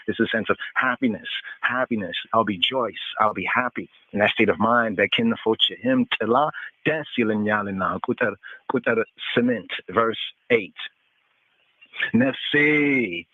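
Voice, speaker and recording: A man's voice: medium pitch, dry recording. A man on a radio show teaching scripture verse by verse, reading words aloud and repeating them over and over as he translates them. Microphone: phone line. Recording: dry, tinny phone-line call-in audio.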